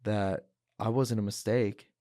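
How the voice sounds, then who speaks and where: A man with a low-pitched voice speaks earnestly as a podcast guest. He tells his story in a candid, searching way and often doubles back on his words. The sound is close and dry. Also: fairly even intonation, unhurried, warm tone, no echo. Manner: earnest, repeats words, acts out voices when quoting people. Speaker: podcast guest, professional fighter. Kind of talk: candid interview talk.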